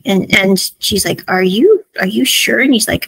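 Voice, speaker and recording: Chatty husky-voiced woman recapping a drama. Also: medium pitch, moderate pace, few pauses, a bit bright, no room sound, low-quality recording. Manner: chatty, retells scenes in quoted dialogue, many "I'm like" asides. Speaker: show host reviewing a drama series. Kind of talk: casual recap and commentary.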